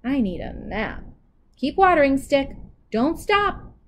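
A woman's voice: high voice, big pitch swings, measured pace, darkish tone, a little hiss or hum, pitched above the performer's own voice. A woman voicing a lazy, scheming male spider trickster in a storybook read-aloud, chanting spells in a sing-song way.

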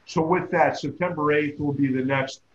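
A man hosting a support network webinar, thanking the guest and giving measured closing announcements with some halting pauses over a video call. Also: on the high side, fairly even intonation. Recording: roomy dull video call audio.

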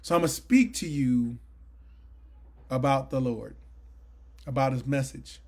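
A man's voice: mid-range voice, measured pace, a little mellow. A man in his late forties giving a Bible study lesson, talking earnestly and conversationally with sudden emphatic bursts. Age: 40s. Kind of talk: sermon-style Bible teaching. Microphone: livestream mic.

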